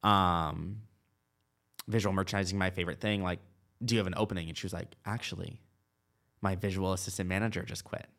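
A man's voice: low voice, fairly even intonation, a little fast, long pauses, fairly bright tone. A man in his twenties telling a long personal story in casual chat, full of "like" and quoted dialogue. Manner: chatty, lots of "like" and quoted dialogue. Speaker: guest.

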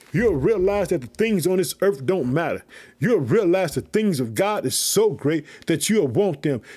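A male preacher with a voice pitched high for a man delivers a fervent sermon. He speaks as if straight to his listeners, calling them family. He reads scripture at a slower, measured pace before picking up again. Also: a little mellow. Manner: fervent, repeats "family" and "let me tell you something"; reads scripture slowly, then preaches in bursts. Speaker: preacher and podcast host.

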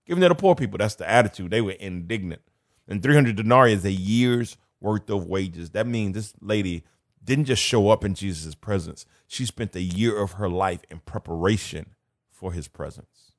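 A man's voice: low-pitched, moderate pace, no room sound, studio quality. A man preaching a sermon in a conversational way, repeating key phrases for emphasis.

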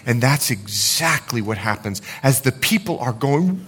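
A man preaching a sermon, animated, with jokes and asides to the congregation. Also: a little high, normal speed, vocal fry, few pauses, breathy edge. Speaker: pastor.

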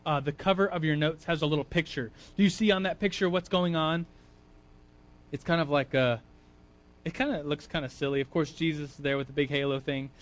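A male preacher giving an informal, chatty sermon with a slightly high voice. He drifts into quiet asides and then rises into loud emphasis, and fillers scatter through his talk. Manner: chatty, conversational, with frequent fillers.

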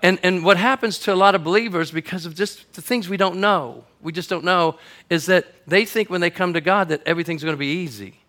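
A middle-aged man, a pastor, preaching to a congregation and telling a comic story that builds to shouts at its climax. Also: sits high, fairly quick. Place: church auditorium before a congregation.

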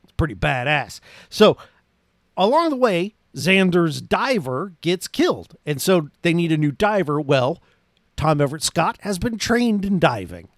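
A man's voice: fairly high pitch, sing-song, unhurried, dry recording, clean studio sound. Rambling, upbeat male movie podcaster. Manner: rambling, enthusiastic, lots of "like" and restarts. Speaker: podcast host reviewing a movie. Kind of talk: casual movie recap.

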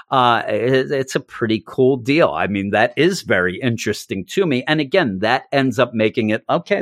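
A man co-hosting a casual chat, animated, often slipping into quick voices for characters. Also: medium pitch, no echo, clean studio sound. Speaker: podcast co-host.

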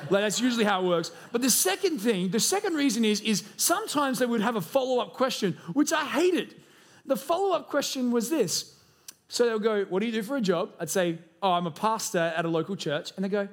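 In a church auditorium, a lead pastor in his thirties preaches with a high-sitting, animated voice at a fairly quick pace. He's earnest and conversational, weaving in stories from his own life.

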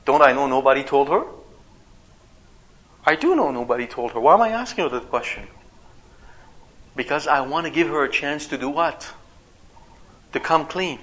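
A man preaching a sermon as a father, animated and acting out quoted voices. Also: mid-range voice, normal speed, pauses often.

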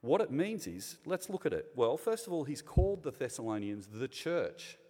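A man with an Australian accent preaching a sermon to a congregation, chatty and direct, asking them questions and rising to loud, emphatic points. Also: medium pitch, very animated, moderate pace. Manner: conversational, interacts with the congregation, builds to loud emphatic bursts. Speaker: pastor. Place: church hall. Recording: long reverb of a large hall.

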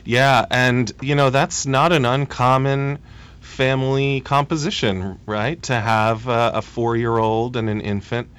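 A man in his thirties speaks as a policy guest on a radio interview. His voice is smooth and resonant, and he talks haltingly, stopping and restarting his sentences as he searches for words. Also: medium pitch, fairly even intonation, a bit bright. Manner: hesitant, halting, many restarts.

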